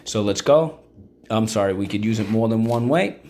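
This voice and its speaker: A man's voice: fairly low pitch, lively intonation, normal speed, a little mellow, slight background noise. A male teacher giving a vocabulary and phonics lesson, encouraging and checking in often with the class. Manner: encouraging, checks in with frequent "okay?".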